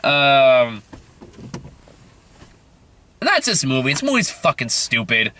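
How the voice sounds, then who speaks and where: A man's voice: mid-range voice, pushed and bright, a little hiss or hum. A man reviewing a film in a casual rant, sarcastic and profane, rambling with lots of fillers and sounding tired.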